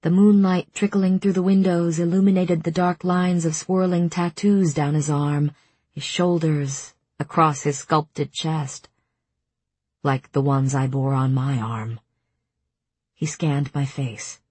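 A woman narrating a first-person audiobook in a measured, intimate way. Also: low-pitched, fairly even intonation, darkish tone, slightly rough, no room sound.

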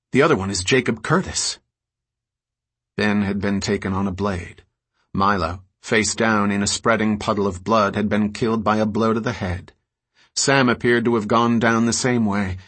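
Husky, low-voiced male audiobook narrator. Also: a bit bright.

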